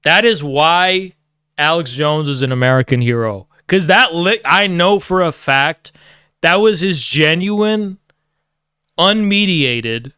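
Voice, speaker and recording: Male streamer, rambling sarcastic rant with frequent laughs; bright, crisp, dry. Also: a little high, expressive, slow, no room sound. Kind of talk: casual political rant.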